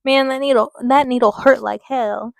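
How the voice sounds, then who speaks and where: A woman's voice: high voice, steady tone, moderate pace, gravelly, no room sound, low-quality recording. A woman voicing a chatty, easygoing young woman with a put-on Texan drawl.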